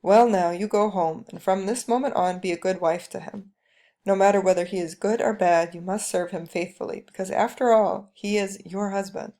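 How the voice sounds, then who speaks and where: A woman's voice: mid-range voice, fairly even intonation, moderate pace, mellow, close to an everyday voice. A woman doing a stern, lecturing mother. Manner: firm, lecturing. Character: stern, traditional mother scolding and advising.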